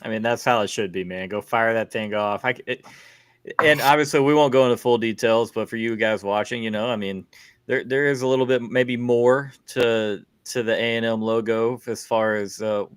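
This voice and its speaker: Relaxed man hosting sports talk, dry sound. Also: medium pitch, moderate pace, clear, resonant tone, no room sound. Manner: relaxed, conversational, speaks to viewers. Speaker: host.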